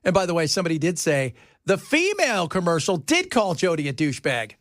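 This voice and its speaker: High-voiced joking radio host. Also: male voice, a little fast, dry recording, clean studio sound. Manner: lively, joking, sarcastic. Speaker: radio talk show host. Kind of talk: casual radio banter. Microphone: studio mic.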